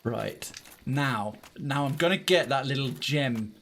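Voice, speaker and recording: A man giving casual, self-mocking commentary while streaming a game, breaking into excited outbursts. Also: medium pitch, slow pace, slight background noise.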